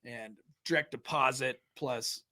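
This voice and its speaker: A man's voice: medium pitch, a little slow, sharp tone. An American man hosting a podcast, chatting casually in a rambling, talkative way with frequent laughs. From United States. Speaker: podcast host. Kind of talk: casual chat.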